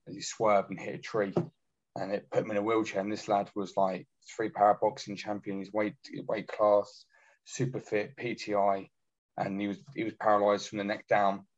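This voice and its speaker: Man, low voice, blunt sweary storyteller, casual chat, muffled lo-fi sound. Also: monotone, moderate pace. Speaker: guest, army veteran.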